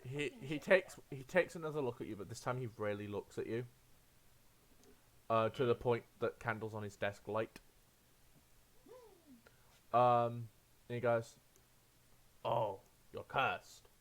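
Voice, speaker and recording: A man's voice: medium pitch, measured pace, pauses often. A man acting as game master, narrating scenes and non-player characters with frequent ums and hesitations. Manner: hesitant, with many ums and uhs. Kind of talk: tabletop role-play narration.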